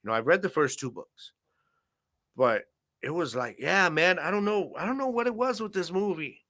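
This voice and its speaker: A male host runs a football podcast alone, his high, expressive voice carrying a sharp tone at normal speed. He chats in a casual, laid-back way, full of slang and fillers like "man" and "you know".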